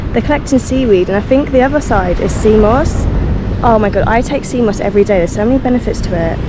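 A woman's voice: mid-range voice, noisy background. Chatty young woman vlogging outdoors. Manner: chatty and gushing. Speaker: travel vlogger. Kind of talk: casual travel vlog narration.

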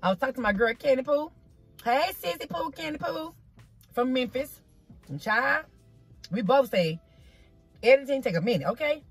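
A woman's voice: high voice, lively intonation, normal speed, long pauses, husky, faint music behind. A woman talking casually to her viewers while eating, outdoors in a parking spot and recorded on her phone, folksy and chatty, often calling them "y'all" and "child". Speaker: vlogger eating on camera. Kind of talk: casual chatty mukbang vlog. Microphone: phone camera.

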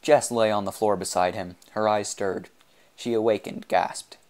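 A man narrating an audiobook in a measured, expressive reading. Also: lowish voice. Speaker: audiobook reader.

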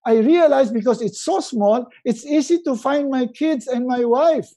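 A middle-aged man giving a motivational webinar talk, acting out quotes in a raised, animated voice. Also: very high voice, normal speed. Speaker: motivational speaker.

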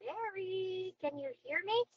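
A woman's voice: very high-pitched, lively intonation, measured pace, muffled recording, a little hiss or hum. A woman teaching an online English lesson to a young child, coaxing and sing-song, heard over a video call.

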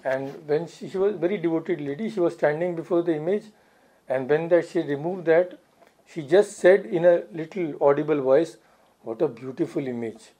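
A man's voice: on the high side, moderate pace, warm tone. A man giving a spiritual talk as a swami, earnest, repeating phrases for emphasis. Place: society hall.

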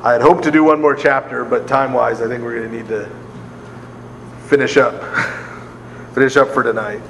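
A man's voice: mid-range voice, fairly even intonation, moderate pace, a bit bright, echoey room, in a large hall, slight background noise, poor audio. A man, a priest, leading a live Bible study for a group, conversational and often laughing, checking in with his listeners. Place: large hall with a live group.

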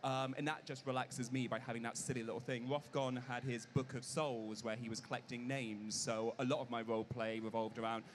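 A man on a live convention panel, speaking relaxed and anecdotal with occasional ums. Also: mid-range voice, brisk, hardly any pauses, slight background noise. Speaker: panelist and player. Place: on stage at a comic convention panel.

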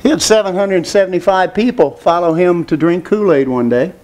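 Male preacher, high voice, emphatic sermon delivery with rhetorical questions. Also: brisk, darkish tone. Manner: emphatic, asks rhetorical questions, repeats phrases.

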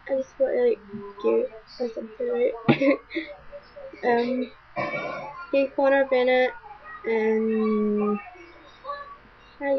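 A young woman with a Scottish accent, rambling through chatty webcam shout-outs to followers at home, talking fast. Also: high voice, a little hiss or hum. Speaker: vlogger. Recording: dull lo-fi webcam audio.

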